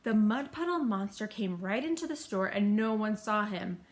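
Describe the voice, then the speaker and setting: A woman voicing a pompous male detective who declaims slowly and grandly. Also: mid-range voice, animated, lightly acted. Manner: grand, declaiming, slow and emphatic. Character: pompous self-proclaimed great male detective.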